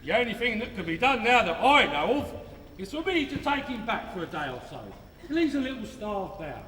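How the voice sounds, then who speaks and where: An actor playing a pompous, blustering parish beadle on a theatre stage, declaiming in amateur stage musical style. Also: male voice, sits high, very animated, fairly quick, sharp tone, exaggerated voice. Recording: echoey hall from far off, noise.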